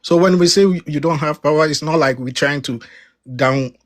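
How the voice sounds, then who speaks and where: An emphatic man from Africa speaks on a heated debate panel. His voice sits a little high for a man, and he repeats words and presses his points hard. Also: normal speed. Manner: emphatic, repeats words when cutting in, rising pitch on key points.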